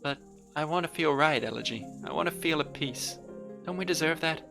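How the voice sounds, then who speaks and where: A man's voice: a little fast, creaky, music in the background. A man voicing an earnest, troubled young heroine. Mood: pleading. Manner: earnest, pleading, higher put-on voice. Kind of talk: reading game dialogue aloud.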